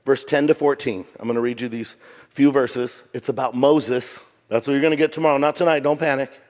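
A man's voice: mid-range voice, big-room sound. A man preaching a sermon, telling a story with humor and acting out other people's lines. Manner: animated, jokey, acts out voices. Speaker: pastor. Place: church sanctuary.

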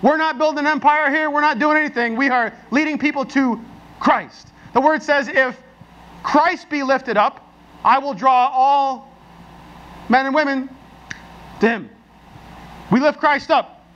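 A man preaching a sermon as pastor, talking in a casual, animated way full of restarts and stories. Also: very high voice, measured pace, pauses often, dull audio. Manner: conversational and animated, with frequent restarts and anecdotes.

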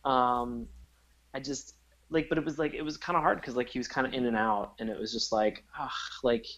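A man's voice: mid-range voice, fairly even intonation, fairly quick, fairly bright tone, low-quality recording. A man co-hosting a podcast, talking in a hesitant, filler-heavy casual way. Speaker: podcast co-host. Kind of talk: casual chat.

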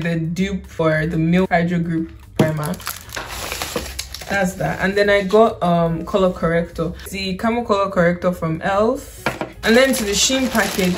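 A British young woman in her late teens chatting casually to camera about a haul, animated and laughing at herself. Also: mid-range voice, slight background noise. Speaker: vlogger.

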